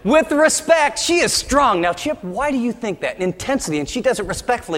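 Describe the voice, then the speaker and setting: High-voiced man preaching in a hall. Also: very animated, a little fast, few pauses, fairly bright tone. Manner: emphatic, with humorous asides. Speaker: pastor. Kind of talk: sermon.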